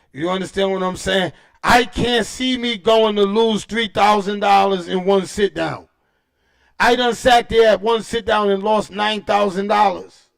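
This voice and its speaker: A man chats on his livestream in a high voice with a gravelly fry. He fires off shout-outs and boisterous, profane trash talk in street slang. He keeps tossing in "you know what I'm saying.". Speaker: livestream host. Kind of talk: casual livestream chat.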